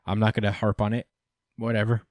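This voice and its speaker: A man's voice: lowish voice, completely flat delivery, fast, a little mellow, no room sound. A man hosting a casual podcast, recapping with lots of fillers and acted-out quotes. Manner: rambling recap, many fillers, acts out quotes. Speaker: podcast host.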